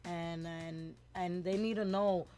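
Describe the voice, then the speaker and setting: A middle-aged woman, telling a lively story as a guest in a casual interview and acting out the voices of the people in it. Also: fairly low pitch, takes it slowly, soft background music. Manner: animated, acts out quoted voices, switches between English and Spanish words.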